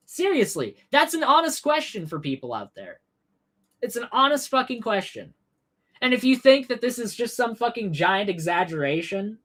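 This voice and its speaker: A man hosting a political livestream, ranting sarcastically with heavy swearing and mock outrage. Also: extremely high pitch. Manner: sarcastic, swearing, animated rants. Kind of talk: profane political commentary.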